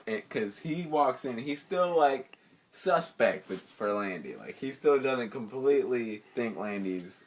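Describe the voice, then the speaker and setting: Animated young man telling a story. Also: mid-range voice, recorded from a distance, slight background noise. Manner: animated, slangy, often laughing mid-story. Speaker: storyteller among friends. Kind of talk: casual anecdote among friends.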